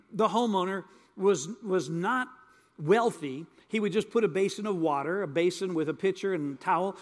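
Older man as pastor, high voice, folksy sermon, hall reverb. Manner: folksy, repeats words for emphasis. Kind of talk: sermon with storytelling.

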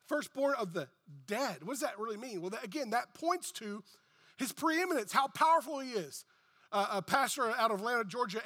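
Pastor, man, high and bright, emphatic sermon delivery, long church-hall echo. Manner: emphatic, repetitive preaching with rising and falling intensity.

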